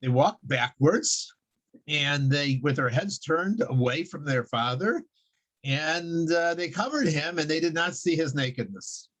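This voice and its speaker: A man's voice: a little high, lively intonation, unhurried, a bit bright. Man teacher, casual lecture, rambly and self-amused, lots of ums. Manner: rambling, with many fillers, restarts and chuckles. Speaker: religious class teacher.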